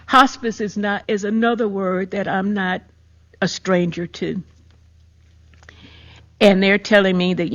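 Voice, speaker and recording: Speaking with medium pitch and a steady tone at a measured pace, punctuated by long pauses, an older female podcast host recounts a personal grief story. Her retelling is emotional and emphatic, and the recording sounds muffled and lo-fi.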